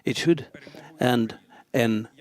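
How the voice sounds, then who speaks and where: Man interpreting a speech, halting and measured. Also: medium pitch, darkish tone. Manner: halting, measured delivery with frequent fillers. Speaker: simultaneous interpreter at a security forum.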